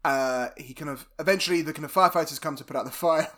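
A man's voice: fairly high pitch, fast talker, a bit bright. A man recapping a film in casual chat, wry and mocking, often laughing as he talks. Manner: wry, mocking, laughs through his points.

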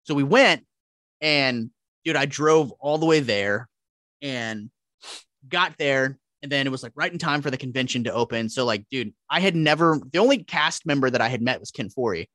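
A man telling animated, profanity-laced stories as a podcast guest in casual chat. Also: mid-range voice, moderate pace, dry recording, studio quality. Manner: profane, animated, acts out quotes.

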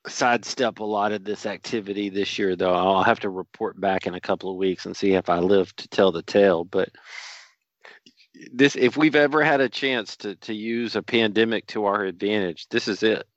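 A man co-hosting a podcast with deadpan, wry remarks. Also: fairly low pitch, normal speed, no echo. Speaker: podcast co-host. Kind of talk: casual chat. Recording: dull lo-fi mic.

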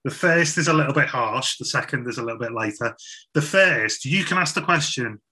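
A man's voice: medium pitch, lively intonation, brisk, bright, forceful tone. A young man giving a casual, chatty Christian talk to young people, with frequent restarts and fillers. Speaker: youth speaker.

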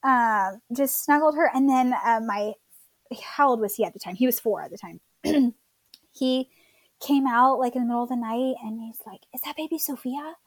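A woman's voice: on the high side, moderate pace, no echo. Chatty woman telling a birth story. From Florida. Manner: chatty, many fillers and likes, warm storytelling. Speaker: guest mother telling her birth story. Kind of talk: casual conversational storytelling.

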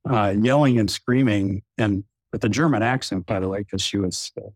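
A man, a retired general, telling a long anecdote with frequent chuckles in a relaxed podcast chat. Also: fairly low pitch, moderate pace, no room sound. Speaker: retired general, former wing commander.

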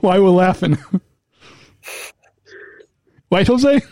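A man's voice: sits high, drawn-out words, warm tone, no room sound. A man co-hosting a podcast in a casual chat, playful and teasing, who laughs often. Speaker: podcast co-host.

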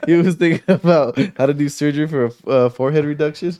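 A man's voice: fairly high pitch, fast, warm tone, no echo. Laid-back male podcast host, dry recording. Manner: laid-back, laughs often. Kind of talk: casual chat.

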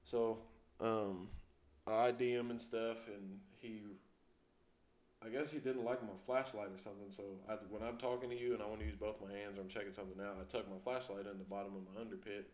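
A man's voice: fairly low pitch, steady tone, a little fast, a little mellow. A man co-hosting a casual podcast, telling his police stories in a laid-back, profane way and laughing along the way. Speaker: podcast co-host, police officer. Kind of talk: casual storytelling chat. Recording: echoey room.

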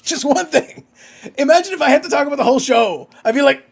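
A man's voice: extremely high pitch, very animated, quick pace, vocal fry. A man co-hosting a casual podcast chat, ranting with profanity and disbelief. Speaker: podcast co-host.

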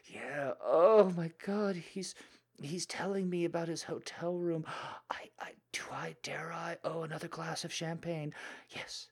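Man voicing a giddy young woman, whispered role-play, breathless, high and gasping. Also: steady tone, unhurried, vocal fry, husky, exaggerated voice.

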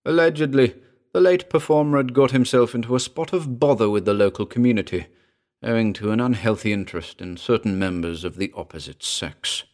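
A man narrates a strange, spooky story with wry theatrical relish. His voice sits low, yet it swoops through a lively range as he paces out each sentence with care. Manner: measured, wry, theatrical delivery.

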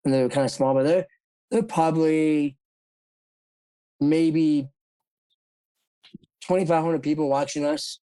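A man's voice: on the high side, fairly even intonation, takes it slowly, long pauses, warm tone, clear, resonant tone, no echo, low-quality recording. A man from South Dakota, a former jockey, telling his story as an interview guest in a rambling way with frequent laughs. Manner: rambling, laughs often, acts out quoted voices.

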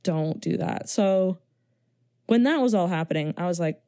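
A young woman gives her frank take on a movie in casual chat. Her voice is dark and mellow, and she laughs easily. The recording is dry and close. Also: fairly low pitch, lively intonation, no room sound. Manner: blunt, opinionated, quick to laugh.

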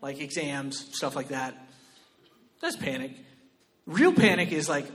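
A man preaching a sermon as pastor, shifting between loud, emphatic exhortation and quiet personal storytelling. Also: on the high side, big pitch swings, measured pace.

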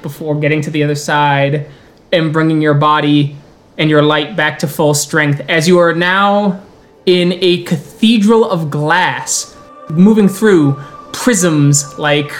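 Storyteller for a tabletop game: a man, mid-pitched, unhurried descriptive narration between brisk rules calls, faint music behind.

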